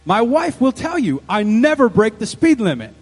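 A man's voice: very high-pitched, sing-song, moderate pace, slightly rough, big-room sound, heavily acted. A man doing a protesting husband. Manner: insistent, protesting. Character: defensive husband denying everything.

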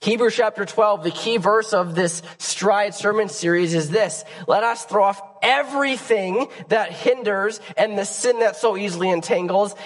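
Hoarse high-voiced man preaching. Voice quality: raspy. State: hoarse from a cold. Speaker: pastor. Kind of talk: sermon. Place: church auditorium stage. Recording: long church hall reverb.

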